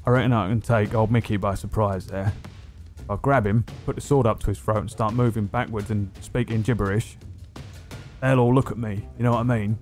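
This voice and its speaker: A man's voice: on the low side, steady tone, fairly quick, faint music behind, lightly acted. A man doing a brash swaggering mercenary. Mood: scheming. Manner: brash, swaggering, shouting taunts. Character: cocky roguish male mercenary Vizlon.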